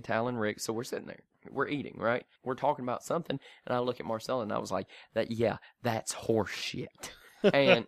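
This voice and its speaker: A man co-hosting a casual podcast chat, telling a lively story and swearing freely. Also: mid-range voice, no room sound. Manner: animated storyteller, acts out voices, swears freely. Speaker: podcast co-host.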